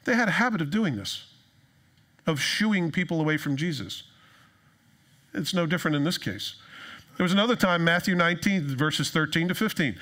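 Male pastor, fairly high, bright voice, casual sermon with jokes. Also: normal speed, long pauses. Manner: conversational, joking, animated storytelling.

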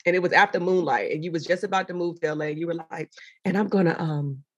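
A woman chatting as an interview guest, telling animated stories and jumping into excited, high quoted voices. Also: racing, lo-fi sound. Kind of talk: casual interview chat.

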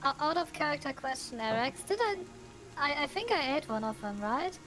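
A woman's voice: sits high, sing-song, moderate pace. A woman playing a tabletop game, playful and joking. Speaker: player. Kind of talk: casual tabletop play.

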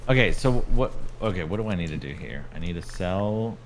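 Australian man, casual gaming chat, laid-back, very low voice, faint background noise. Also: lively intonation, fairly quick. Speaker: co-streamer.

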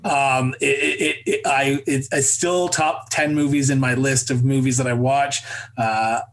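A man hosting an interview, halting and restarting as he builds up his questions. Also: mid-range voice, fairly even intonation, a bit bright. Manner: halting, stacks up "uh" and restarts before reading out facts. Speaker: interview host.

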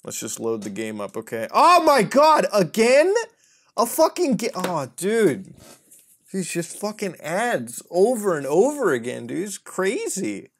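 A male gaming host talking through mobile games in a loose, unscripted way. His pitch swings widely as he jumps between mocking asides and loud outbursts, swearing freely and laughing often. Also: measured pace, slightly rough. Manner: profane, excitable, often laughing. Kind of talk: casual gaming commentary.

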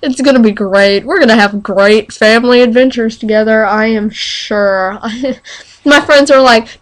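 A teenage girl with a slight lisp from retainers, vlogging at home in a dramatic, excitable way. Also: a little high, measured pace. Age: teens. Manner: excitable and dramatic, breaks into squealing panicked quotes. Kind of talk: casual vlog monologue.

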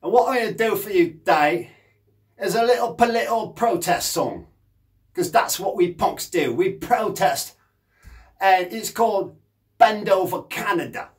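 At a measured pace, a high-voiced man delivers a comic monologue as a male punk rocker who sings and plays guitar. The character comes across as brash, boozy and scatterbrained, with cheeky rambling.

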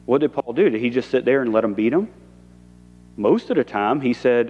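A man's voice: mid-range voice, lively intonation, moderate pace, a little mellow, slightly rough, muffled recording. Male pastor, conversational sermon with acted quotes; church hall echo, muted audio. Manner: conversational preaching, acts out quoted lines. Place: church sanctuary.

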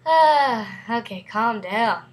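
A woman's voice: a little high, expressive, takes it slowly, rough recording. A woman hosting a casual gameplay video, giddy and goofy, giggling often. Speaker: game video host.

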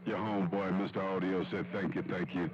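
A man's voice: low voice, steady tone, brisk. A man bantering over CB radio in a loose, slangy, hearty way. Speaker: CB radio operator. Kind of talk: CB radio chatter. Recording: muffled CB radio with static.

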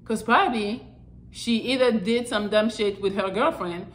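A woman's voice: mid-range voice, normal speed, low-quality recording. A woman vlogger giving frank, profane dating advice in a loose, rambling way. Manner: blunt and profane, rambling with fillers. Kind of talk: casual talking-to-camera advice.

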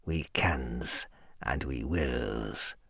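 A hulking scaly lizard man in a fantasy audiobook, his voice sunk very low, gravelly and breathy. He drags out his broken, ungrammatical words at a crawl, all looming threat. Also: a bit bright, no room sound, clean studio sound, full character voice. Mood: menacing. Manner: broken grammar, slow hissing menace. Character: menacing male lizard man captor.

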